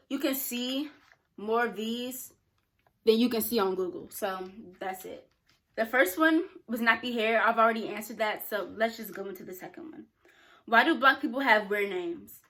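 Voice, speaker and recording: A woman's voice: fairly high pitch, pushed and bright. A young woman talking frankly and casually to camera, answering questions with plenty of filler words. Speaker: YouTuber.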